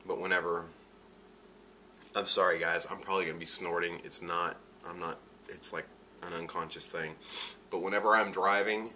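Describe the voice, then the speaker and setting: In this video diary, a man chats casually in a low, sharp voice that sounds a bit nasal because of allergies. Upbeat and talkative, the vlogger laughs a lot, and there's a little hiss or hum on the audio.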